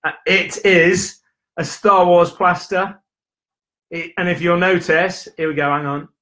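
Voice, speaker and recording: Man, young adult, hyper jokey live-stream host, high voice, roomy echo. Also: little pitch movement, pushed and bright. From United Kingdom. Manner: hyper, jokey, quick storytelling with acted voices. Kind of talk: casual live-stream chat. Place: indoor room at home.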